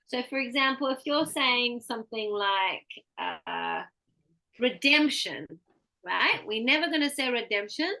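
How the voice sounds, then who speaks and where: Australian female pronunciation coach; bright, slightly high voice; patient, models each word clearly. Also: measured pace, few pauses. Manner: explains patiently, models words for repetition. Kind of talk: one-on-one pronunciation lesson.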